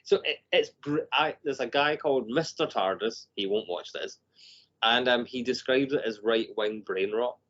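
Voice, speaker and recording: A man's voice: mid-range voice, moderate pace, fairly bright tone. A man, a filmmaker guest, talking casually on a podcast, chatty with frequent laughs and restarts. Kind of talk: casual chat. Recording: dull lo-fi podcast audio.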